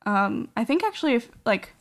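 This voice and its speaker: Very animated and brisk, this podcast host's slightly high voice rambles through a story, leaning heavily on fillers like "um" and "like." Her delivery is loose and casual.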